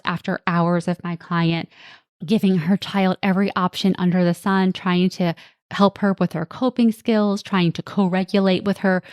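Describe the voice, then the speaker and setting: A woman's voice: medium pitch, dry recording, clean studio sound. A woman hosting a parenting podcast, speaking as a coach in a reassuring, direct way and now and then acting out what kids and parents say. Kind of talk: solo podcast talk.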